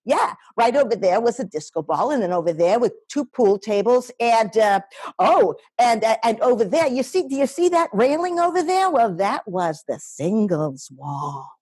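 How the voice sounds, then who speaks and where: A woman's voice: fairly high pitch, sing-song, normal speed, darkish tone, husky, no echo. A woman doing a chatty older city lady. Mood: nostalgic. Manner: gossipy, addresses the audience directly. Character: chatty older New York lady, nostalgic and teasing. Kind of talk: solo stage performance.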